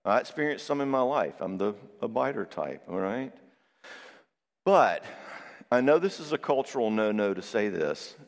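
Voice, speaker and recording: A man giving a Christian marriage seminar. He talks in a conversational way, tags his points with "all right?" and tells lively personal stories. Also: fairly low pitch, moderate pace, creaky. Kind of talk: live seminar talk to an audience. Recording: long reverb in a large hall.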